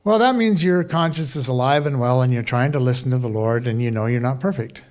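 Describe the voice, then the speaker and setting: A man pastor preaching a sermon in a conversational, animated way, with casual asides and questions to the congregation. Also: mid-range voice, a little fast.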